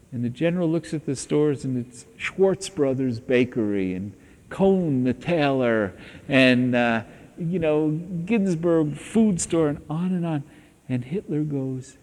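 A man giving a spiritual teaching talk, telling stories in a slow, deliberate way, in an echoey hall. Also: fairly high pitch, expressive, darkish tone.

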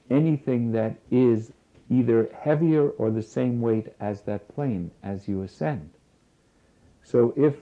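A man giving a spiritual lecture in a slow, deliberate way, repeating key phrases for weight. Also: medium pitch, gravelly. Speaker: spiritual teacher. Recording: tinny phone-like lo-fi recording.

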